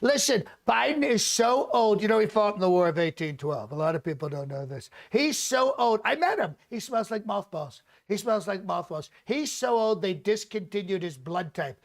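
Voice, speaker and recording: A man's voice: high voice, sing-song, normal speed, hardly any pauses. A man doing a comic impression of a boastful, rambling older male president, repeating himself as he brags. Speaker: comedian doing a live mock press conference.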